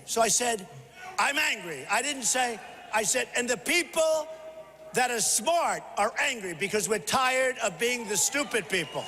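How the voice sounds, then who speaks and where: An older man giving a punchy, repetitive rally speech to a large crowd, often shouting. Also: high-pitched, a little hiss or hum. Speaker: political candidate at a rally. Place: large convention hall. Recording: echoey hall with faint crowd.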